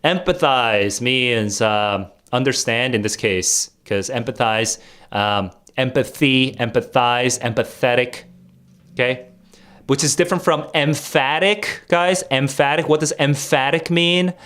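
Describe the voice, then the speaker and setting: Here a young streamer who also tutors for tests speaks at a measured pace in a smooth, medium-pitched, fairly bright voice. His livestream is loose chat plus a vocabulary quiz for viewers, full of fillers and restarts as he rambles.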